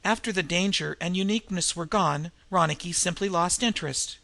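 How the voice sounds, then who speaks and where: A man's voice: sits high, brisk, creaky, sharp tone, no echo, exaggerated voice. A man voicing a young woman who speaks earnestly and steadily through her sadness. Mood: wistful. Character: Ruth, young woman, sad yet steady.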